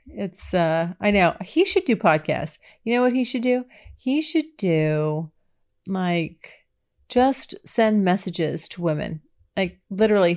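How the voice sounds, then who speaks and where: A woman hosting a podcast, reading listener questions and answering them in a candid, chatty way, with breathy exclamations and frequent restarts. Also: mid-range voice, darkish tone. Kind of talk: casual chat.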